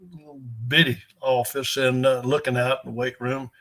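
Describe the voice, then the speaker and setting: A man's voice: medium pitch, level tone, normal speed, a bit bright. An older man, a strength coach telling rambling, folksy stories in an interview. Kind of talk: storytelling in an interview.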